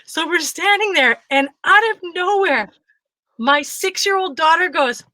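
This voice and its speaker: A woman co-hosting a talk show, telling a funny story in a casual, animated way and acting out what others said. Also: very high voice, unhurried, dry recording. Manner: animated, frequent laughter, acts out quotes. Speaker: podcast co-host.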